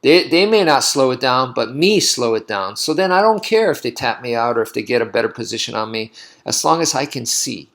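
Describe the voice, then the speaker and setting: A man's voice: mid-range voice, fairly quick, gravelly. A man who teaches martial arts, talking casually in a loose, rambling way and acting out his own past reactions. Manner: rambling, animated storytelling with laughs. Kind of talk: casual monologue.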